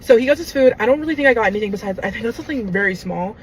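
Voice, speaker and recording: A young woman telling a story in casual style, animated and dramatic, full of fillers. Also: a little high, rapid-fire, a little hiss or hum, low-quality recording. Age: young adult. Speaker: storyteller in a clip.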